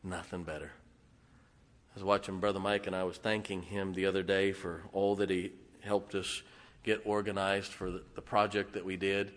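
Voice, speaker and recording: A male pastor preaching a sermon in a folksy way, dropping to hushed tones and then rising to loud exclamations. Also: low voice, little pitch movement, moderate pace. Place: church sanctuary. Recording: long hall reverb.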